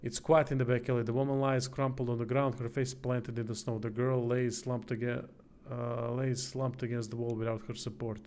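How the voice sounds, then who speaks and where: A man's voice: mid-range voice, little pitch movement, moderate pace, a little mellow, clean tone. A tired man streaming, casually reading a text game aloud, swearing now and then and stumbling over words. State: tired, yawning.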